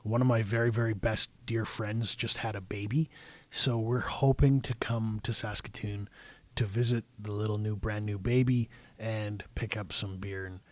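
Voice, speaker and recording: A Canadian man hosting a casual podcast chat, telling lively stories and laughing often. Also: fairly low pitch, normal speed, no echo. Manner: animated storyteller, laughs often. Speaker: podcast host from the brewery.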